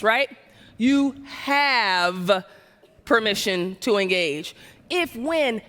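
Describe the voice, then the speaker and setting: A woman from the American South gives a motivational keynote, talking energetically and firing questions at the audience. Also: a little high. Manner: energetic, conversational, keeps asking the audience questions. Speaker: keynote speaker. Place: large event hall. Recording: long hall reverb.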